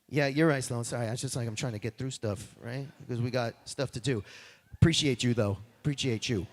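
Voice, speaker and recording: A man, a rabbi, telling a holiday story to a family congregation in an animated, jokey, chatty way. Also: mid-range voice, a little fast. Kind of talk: playful storytelling sermon for families. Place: large temple sanctuary. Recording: long reverb of a large hall.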